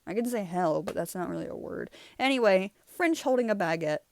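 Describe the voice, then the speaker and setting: A woman's voice: medium pitch, lively intonation, fairly quick, no room sound. A young woman hosting her channel, chatting casually and rambling through her old drawings, laughing often. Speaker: channel host. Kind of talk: casual art review chat.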